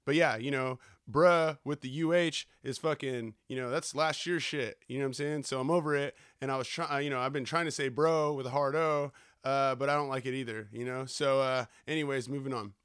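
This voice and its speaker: A man's voice: mid-range voice, fairly even intonation, brisk, fairly bright tone, clear, resonant tone, no room sound, clean studio sound. A man hosting a podcast, ranting in a profane, sarcastic way full of slang. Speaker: podcast host. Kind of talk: profane rant.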